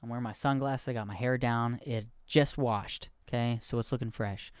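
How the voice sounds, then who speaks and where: A man's voice: mid-range voice, fairly even intonation, moderate pace, clean tone, dry recording, studio quality. A man in his thirties hosting a podcast, rambling candidly and poking fun at himself in casual chat. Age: 30s. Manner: rambling, candid, self-deprecating. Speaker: podcast host.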